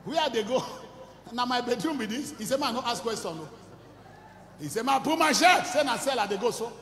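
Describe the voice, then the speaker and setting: A man with a Nigerian accent, an evangelist preaching a sermon and telling his own story, moving between shouting and quiet storytelling. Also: very high voice, brisk, roomy sound, in a large hall. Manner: shifts between shouting, storytelling and singing, mixing Pidgin and Igbo. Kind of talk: sermon with testimony and sung worship.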